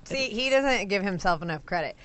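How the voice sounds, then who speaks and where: A woman's voice: medium pitch, lively intonation, a little fast, fairly bright tone. A woman talking about her sandwich shop on a talk show, bubbly and enthusiastic, laughing often. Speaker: sandwich shop co-owner guest. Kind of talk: casual chat.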